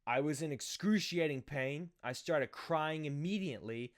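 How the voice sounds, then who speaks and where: A young man telling a childhood story in a casual, animated, self-mocking way, acting out the other people's voices. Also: fairly high pitch, moderate pace, hardly any pauses. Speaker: vlogger.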